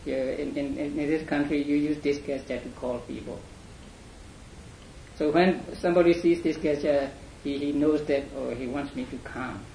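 A man teaching a class in a lecture, speaking haltingly with many fillers and repeated words. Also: a little high, steady tone, gravelly, warm tone. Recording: echoey room, faint hum.

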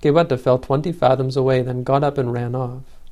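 A man reading an old legend aloud as a storyteller, in a measured, solemn way. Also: medium pitch, steady tone, dark tone.

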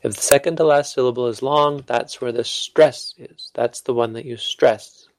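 A man's voice: medium pitch, normal speed, a little hiss or hum. A man teaching a language lesson in a casual, joking way, stopping to correct himself as he goes. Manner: informal, self-correcting, joking.

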